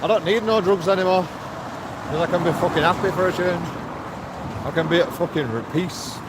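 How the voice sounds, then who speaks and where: A man's voice: sits high, steady tone, normal speed. Rambling, sweary man walking outdoors. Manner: rambling, joking, sweary, laughs at himself. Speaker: vlogger. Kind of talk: casual walking vlog, talking to viewers. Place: outdoors, walking through streets and a graveyard. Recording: loud wind noise on an outdoor mic.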